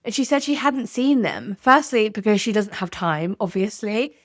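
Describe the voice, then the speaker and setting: A woman's voice: medium pitch, expressive, moderate pace, dry recording, studio quality. Candid woman narrating a podcast. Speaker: podcast host. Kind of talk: scripted narration.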